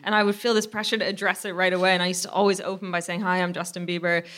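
Woman, thirties, comedian guest, bright tone, animated storytelling, self-deprecating. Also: mid-range voice, racing. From Canada. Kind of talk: live podcast conversation.

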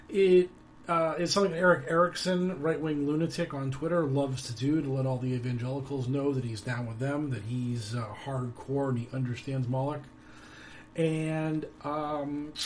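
A man's voice: mid-range voice, slight background noise. Rambling, sardonic male commentator. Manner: rambling, filler-heavy, sardonic. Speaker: podcast host. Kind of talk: casual commentary.

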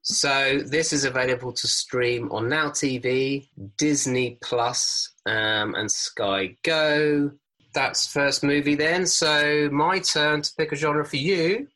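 Guy co-hosting a movie podcast, bright edgy voice, lots of restarts. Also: fairly high pitch, steady tone, slow, poor audio. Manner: chatty, with frequent restarts and filler. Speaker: podcast co-host. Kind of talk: casual film review chat.

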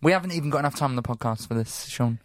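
A man's voice: mid-range voice, very fast, no echo, studio quality. A man with a London accent, co-hosting a comedy podcast in sheepish, self-deprecating banter. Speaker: podcast co-host. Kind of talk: casual comedic chat.

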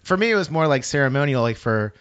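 A man in casual chat, telling a story in a halting way, often repeating his words. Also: medium pitch, very animated, fairly bright tone, clear, resonant tone. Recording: dull lo-fi sound.

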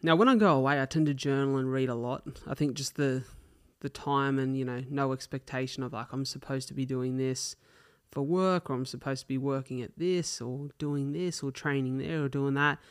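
A man's voice: medium pitch, steady tone, moderate pace, smooth. Chatty Australian man telling a story. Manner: chatty, slangy, swears casually. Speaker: podcast host. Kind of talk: solo podcast storytelling.

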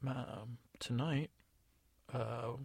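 A man's voice: mid-range voice, steady tone, extremely slow, creaky, a little mellow, slightly rough, no room sound, exaggerated voice. A man voicing a laid-back, wisecracking male gnome in a storytelling podcast, offhand and matter-of-fact.

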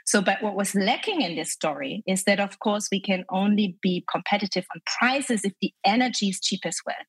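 A woman from Germany with a German accent, calmly explaining economics as an interview guest in measured, structured answers. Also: medium pitch, breathy edge, no echo, poor audio.

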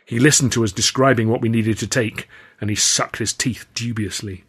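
A man reading his own novel aloud, with measured, wry storytelling. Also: lowish voice, fairly even intonation, fairly bright tone, husky. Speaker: author and reader.

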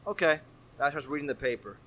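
Man, thirties, pitched a bit high, loud, profane storyteller who acts out every voice. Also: fast talker, slight background noise. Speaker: podcast guest. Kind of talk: casual storytelling.

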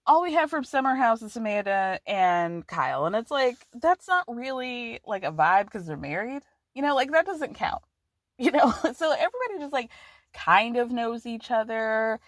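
A woman's voice: on the high side, moderate pace, dry recording. Chatty podcast host woman, dry close sound. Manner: chatty, giggly, animated storytelling. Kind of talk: casual reality TV recap.

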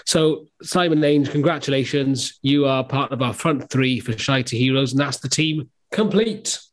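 A man's voice: mid-range voice, normal speed. A man hosting a casual football podcast, jokey and leading the segments. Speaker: podcast host.

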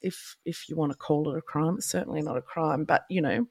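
A woman's voice: deep voice, fairly quick, a little mellow, breathy edge, no echo, clean studio sound. A woman in her forties co-hosting a casual chat, candid and impassioned, laughing often. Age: 40s. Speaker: podcast co-host.

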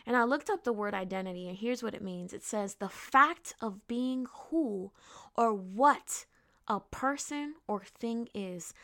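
A woman hosting a faith podcast, teaching earnestly and often checking in with listeners with a quick "right?". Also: medium pitch, a bit bright. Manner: restarts and repeats words, laughs lightly. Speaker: podcast host.

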